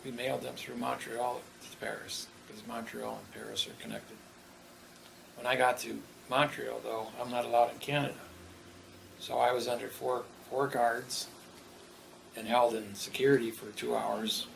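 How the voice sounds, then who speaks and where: A man's voice: mid-range voice, flat delivery, normal speed, vocal fry, fairly bright tone, a little hiss or hum, rough recording. A man speaking in casual conversation who tells stories in a matter-of-fact way. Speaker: interviewee.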